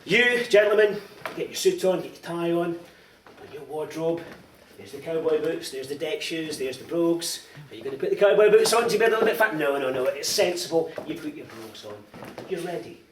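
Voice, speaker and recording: A man's voice: fairly high pitch, fairly quick, hardly any pauses. A middle-aged man from Scotland giving a teasing, anecdotal after-dinner comic speech. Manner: anecdotal, teasing, lively storytelling. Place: large dining hall. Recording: echoey hall, distant mic, background noise.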